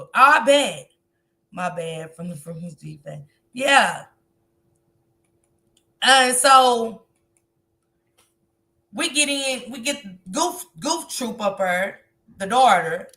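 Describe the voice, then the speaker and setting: A woman hosting a live stream and talking casually to her viewers about a case, animated and speaking straight to the audience. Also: fairly high pitch. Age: grandmother.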